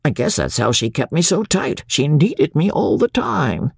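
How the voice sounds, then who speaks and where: A man's voice: on the high side, big pitch swings, a little slow, gravelly, slightly rough, dry recording, exaggerated voice. A man playing a simple, devoted husband, plainly spoken. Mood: wondering. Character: devoted, simple-hearted male actor husband.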